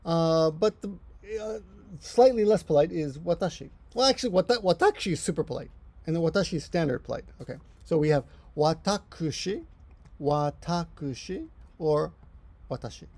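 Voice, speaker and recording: A middle-aged man talks through a language lesson in a relaxed, chatty way. His voice is gravelly and dark, pitched a little high for a man. He wanders, corrects himself mid-sentence and drops in offhand asides. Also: fairly quick. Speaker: Japanese language teacher. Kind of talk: casual explanatory lesson.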